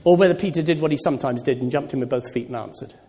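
A preacher giving a sermon, animated and full of rhetorical questions to the congregation. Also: mid-range voice, very fast. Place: church. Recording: long reverb of a church.

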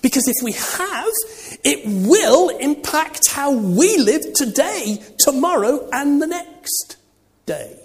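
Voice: sits high, sing-song, takes it slowly. A preacher delivering a sermon, voice swooping up and down as it throws rhetorical questions at the congregation. The sound rings with the long reverb of a church.

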